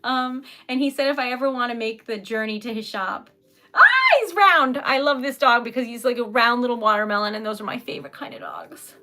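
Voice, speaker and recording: A young woman hosting a casual livestream, chatty and giggly, sometimes dropping into soft whispers as she reads comments. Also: a little high, a little fast. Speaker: livestream host selling typewritten poetry.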